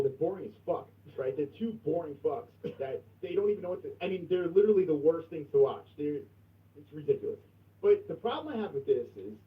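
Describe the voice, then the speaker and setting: A man hosting a livestream, ranting loudly and swearing a lot about rival channels. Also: high voice. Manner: profane, loud, shouting rants. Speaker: livestream host. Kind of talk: casual livestream rant. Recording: distant, muffled stream audio.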